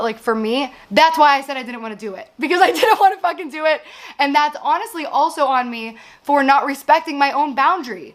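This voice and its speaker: A woman in her thirties telling a long personal story as host, rambling with lots of "like" and swearing, exasperated as she vents. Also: fairly high pitch. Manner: rambling, frequent "like" and profanity, exasperated venting. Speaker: show host. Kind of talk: candid storytelling monologue.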